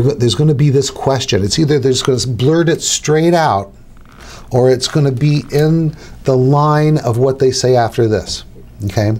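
A middle-aged man talking other hypnotists through his methods, casual and conversational. He repeats his key lines for emphasis and slips into acted-out exchanges. His voice sits at an ordinary middle pitch. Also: darkish tone. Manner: conversational, repeats key phrases, acts out dialogues. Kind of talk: instructional talk to camera.

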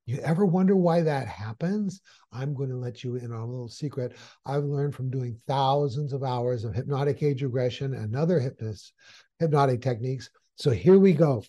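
A man teaching hypnosis, telling a story in an animated, folksy way. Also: a little high. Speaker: hypnosis trainer. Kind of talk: storytelling lesson.

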